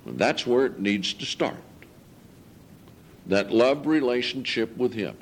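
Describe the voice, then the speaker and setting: A man preaching a sermon to his congregation, earnest and emphatic, reading scripture slowly and lifting his voice on key points. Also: lowish voice, very animated. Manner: slow, deliberate scripture reading.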